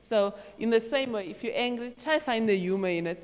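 A woman leading a youth group, talking through faith in a casual, animated way and acting out quotes as she goes. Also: a little high, brisk. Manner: chatty, animated, acts out quotes and laughs. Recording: long echo in a large hall.

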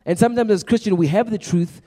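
A young man preaching to a youth group in a chatty, energetic way, often repeating his words. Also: high voice, fast. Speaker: youth pastor. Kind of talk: youth sermon. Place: large room with a youth audience. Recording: long echo of a large hall.

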